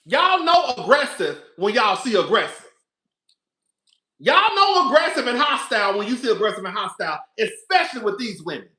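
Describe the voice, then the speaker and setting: A man's voice: sits high, very animated, normal speed, pushed and bright, reverberant, low-quality recording. A man reviewing a reality show, over-the-top and dramatic, swearing freely and swinging from hollering to whispering. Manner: profane, chatty, calls listeners "girl". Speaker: TV recap vlogger.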